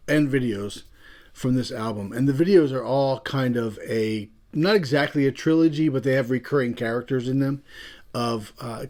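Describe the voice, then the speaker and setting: A man's voice: mid-range voice, a little mellow. A man with a Philadelphia accent, hosting a casual, rambling video about a classic album. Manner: chatty, rambling, self-amused. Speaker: channel host.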